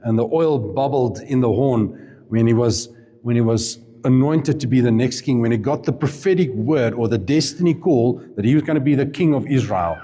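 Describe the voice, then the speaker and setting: A man preaching in a relaxed, storytelling way, full of asides and little laughs. His voice is mellow and mid-pitched. A long hall reverb hangs on every phrase. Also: moderate pace. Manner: chatty and informal, with asides and laughs. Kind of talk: sermon storytelling.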